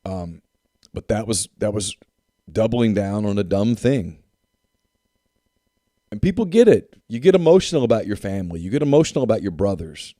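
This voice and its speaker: Low mellow guy on a sports podcast, keeps hammering his point, dry sound. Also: big pitch swings, moderate pace, long pauses, dry recording. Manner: emphatic, repeats himself for effect. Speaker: podcast co-host. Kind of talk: casual sports talk.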